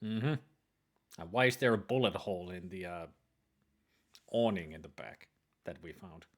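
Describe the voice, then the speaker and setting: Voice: low-pitched, normal speed, a little hiss or hum. A player co-playing a story game, teasing and laughing while reading its lines aloud. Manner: teasing, animated, laughs often. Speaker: let's play co-player. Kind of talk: casual game commentary, reading dialogue aloud. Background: game music.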